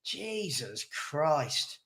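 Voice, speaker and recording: A man's voice: on the high side, sing-song, drawn-out words, pushed and bright. A young man hosting a live football watchalong, calling the play and ranting at his chat. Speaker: watchalong host. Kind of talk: live match commentary and chat.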